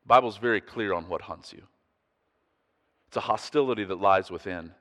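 A man's voice: on the low side, moderate pace, long pauses, bright, forceful tone, in a large hall. A man preaching a sermon in an earnest, emphatic way, putting pointed questions to his listeners. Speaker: pastor.

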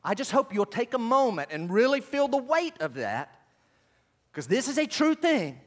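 This is a man delivering a sermon in a notably high voice. He shifts often from soft, low asides to loud, climbing emphasis as he drives his points home. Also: very animated, moderate pace, in a large hall. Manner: preaching with swings between quiet asides and loud, high emphatic runs. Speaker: pastor.

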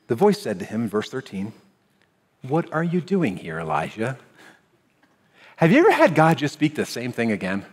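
A man delivering a conversational sermon in a high, bright-toned voice. He drops to quiet, low moments, then lifts into animated stretches. The sound carries a long reverb from a church sanctuary. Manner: conversational preaching, swings from hushed to animated. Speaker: pastor.

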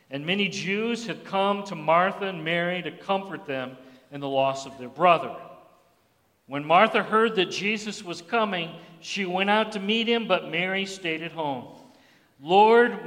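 A male pastor preaching a sermon who acts out Bible voices with sudden jumps in pitch. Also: pushed and bright. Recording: long hall reverb.

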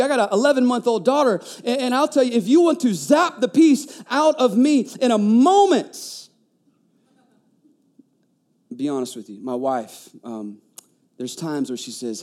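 A man, preaching a conversational sermon, telling stories with lively stammering restarts. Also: very high-pitched, measured pace. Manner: animated storytelling, stammering restarts. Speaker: pastor.

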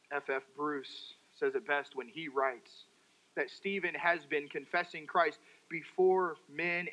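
A man preaching a sermon, dramatic, swinging from loud outbursts to hushed, quiet phrases. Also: sits high, muffled recording.

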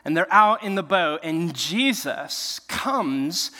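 A male pastor preaching a sermon, telling the story in a lively way and acting out the voices of the people in it, with laughs along the way. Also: on the high side, slow pace. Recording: long reverb of a large hall.

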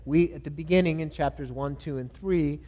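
A man preaching a sermon, reading scripture and praying earnestly, swelling to emphatic phrases and falling back soft. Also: fairly high pitch, moderate pace. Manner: earnest, reads scripture aloud and leads prayer; builds to louder emphatic phrases, then drops soft. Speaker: pastor. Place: church sanctuary. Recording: long hall reverb.

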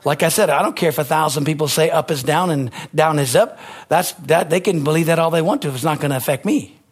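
Impassioned preacher man, high husky voice. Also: fast. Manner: impassioned, repeats phrases, swings from loud exclamations to low asides. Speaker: pastor. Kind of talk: sermon.

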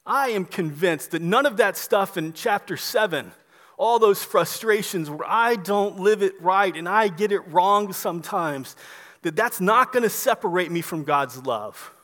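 A man preaching a sermon as pastor, emphatic and repetitive, dropping soft on key words. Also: sits high, expressive, unhurried, big-room sound.

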